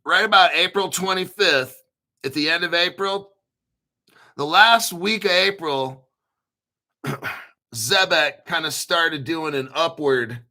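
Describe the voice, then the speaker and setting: A man hosting a casual crypto livestream, rambling excitedly with frequent laughs and restarts. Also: fairly high pitch, slow pace, long pauses.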